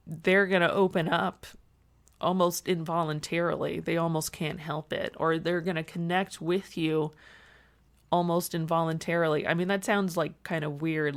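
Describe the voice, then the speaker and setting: A young woman talking through a personal diary vlog in a reflective, chatty way. She laughs often, swears casually and fills her talk with "like" and "you know". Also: fairly low pitch. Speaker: vlogger.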